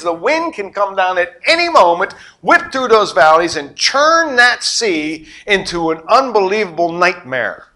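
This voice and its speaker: A middle-aged man preaching a sermon, telling the story with great animation, jumping between loud exclamations and quiet asides. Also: high voice. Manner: animated storytelling, acting out voices and sound effects. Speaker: pastor.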